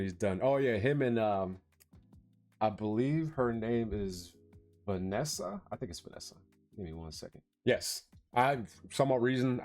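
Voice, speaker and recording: A man casually recapping a movie plot for a review vlog, rambling with lots of fillers. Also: low-pitched. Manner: rambling, filler-heavy, laughs while retelling.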